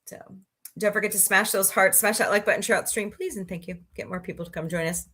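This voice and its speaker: A woman's voice: mid-range voice, fairly even intonation, fast, fairly bright tone. A woman hosting a casual livestream, chatting in a rambling way, sniffly, and greeting viewers by name. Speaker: livestream host.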